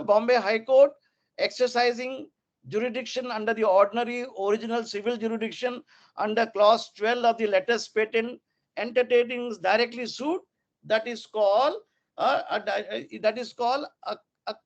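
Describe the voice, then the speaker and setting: A man with an Indian English accent, mixing in Hindi, giving a law lecture to students in a deliberate way and repeating key terms. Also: extremely high pitch, lo-fi sound. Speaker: law professor.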